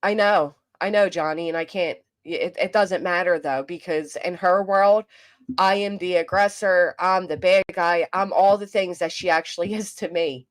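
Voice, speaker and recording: A woman's voice: fairly low pitch, steady tone, normal speed. A woman hosting a commentary livestream, venting in an exasperated, rambling way with frequent restarts and reading chat aloud. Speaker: commentary channel host.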